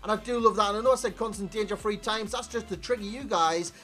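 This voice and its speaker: A man giving a chatty, animated video game player review, talking to viewers as lads, recorded as a desk mic voice-over. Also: high-pitched, quick pace, faint music behind. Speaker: gaming YouTuber.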